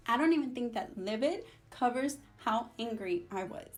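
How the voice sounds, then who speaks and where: A young woman, telling a storytime vlog in a sassy, animated way and mixing in Spanish. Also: on the high side, normal speed, few pauses. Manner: sassy, animated, switches between English and Spanish. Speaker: vlogger.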